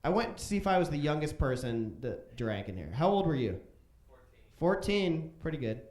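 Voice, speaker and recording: A man in his thirties from Chicago performs stand-up with a fairly high, very lively voice that swoops up and down. He tells crude stories and jumps into loud voices for quotes. The sound echoes around a roomy club stage. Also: a little fast. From Chicago, USA. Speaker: stand-up comedian. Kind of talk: stand-up comedy storytelling.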